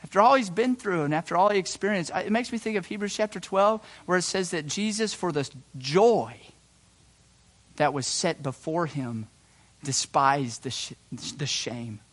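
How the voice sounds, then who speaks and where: A man delivering a sermon with dramatic swings, sinking into hushed, low phrases and climbing into loud, high bursts of excitement. Between these he drops into folksy asides, stumbling and restarting words as he goes. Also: normal speed. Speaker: pastor.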